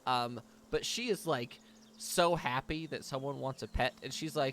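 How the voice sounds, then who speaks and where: A man's voice: medium pitch, moderate pace, fairly bright tone, slight background noise. A man narrating as game master in a tabletop game, casual and laughing, with lots of fillers.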